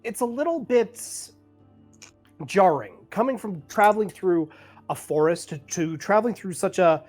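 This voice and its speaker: A man's voice: sits high, expressive, moderate pace, darkish tone, soft background music. A man narrating as game master of a tabletop game, rambling, laughing often and searching for words.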